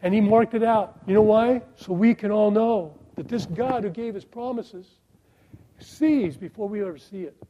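Middle-aged guy preaching, high-ish warm voice, asks lots of questions then goes real quiet. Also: normal speed, poor audio. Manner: rhetorical questions, swings between loud emphasis and hushed near-whisper. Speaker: pastor. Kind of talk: sermon.

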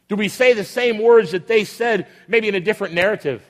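A man's voice: high-pitched, brisk. A man preaching a sermon as a pastor, asking the congregation rhetorical questions and acting out the voices he quotes. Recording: long reverb of a large hall.

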